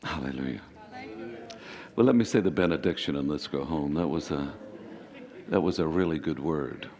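A man preaching a sermon as pastor, with sudden emphatic rises and quick bursts. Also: extremely low pitch, darkish tone. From Ireland. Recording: hall reverb.

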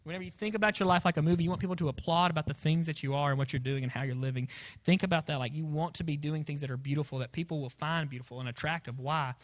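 A man's voice: a little high, racing. A young man preaching to students, rambling and self-deprecating, full of fillers. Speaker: youth pastor. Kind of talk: sermon to students.

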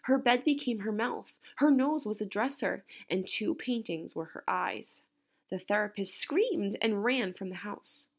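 A woman teacher reading a picture book aloud to a class, an expressive storyteller. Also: mid-range voice, measured pace, gravelly.

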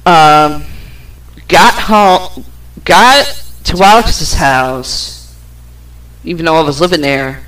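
A woman's voice: low-pitched, expressive, takes it slowly, pauses often, a bit bright, low-quality recording. A woman hosting a podcast, telling a personal story in a casual, rambling way with plenty of swearing. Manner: rambling, profane, with fillers and laughs. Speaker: podcast host.

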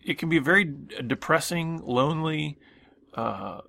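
A man's voice: on the high side, expressive, unhurried, gravelly, sharp tone, no room sound. A man co-hosting a Christian radio talk show, speaking in an earnest, reflective way. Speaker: radio co-host.

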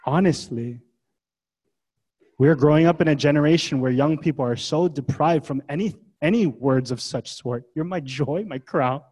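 A man's voice: on the high side, moderate pace, a little mellow. A man preaching a sermon as pastor, in a casual, conversational way full of rhetorical questions. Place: church gathering.

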